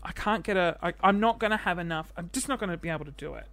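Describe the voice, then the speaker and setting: A man's voice: high voice, fast talker, a bit bright, no room sound. A man in his twenties with an Australian accent, hosting a casual solo podcast, chatty and self-deprecating as he jumps from one topic to the next. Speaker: podcast host.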